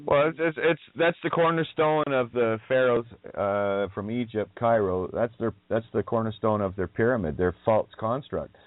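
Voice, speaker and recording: A man's voice: fairly low pitch, moderate pace, few pauses, no echo. A man hosting a radio talk, speaking bluntly and nonchalantly, drifting off topic and swearing. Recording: dry tinny phone-quality audio.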